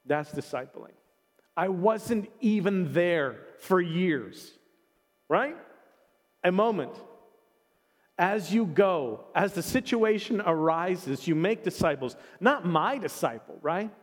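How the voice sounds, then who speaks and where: A man's voice: high-pitched, lively intonation, slow pace, in a large hall. A man preaching a sermon, telling a personal story with earnest, emotional delivery and frequent restarts. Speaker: pastor.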